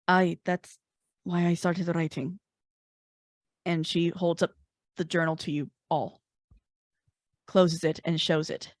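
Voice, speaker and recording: A woman with a fairly low voice runs a tabletop game, narrating actions step by step. The sound is close and dry, with no room around it. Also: flat delivery, dry recording. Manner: descriptive, measured narration with laughs. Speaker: game master.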